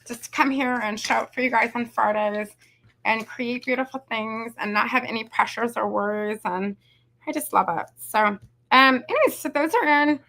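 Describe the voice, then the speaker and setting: Bright chatty woman in her forties. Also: a little high. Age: 40s. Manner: chatty, rambling, says "y'all" and "you guys". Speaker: craft video host. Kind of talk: casual live craft tutorial chat.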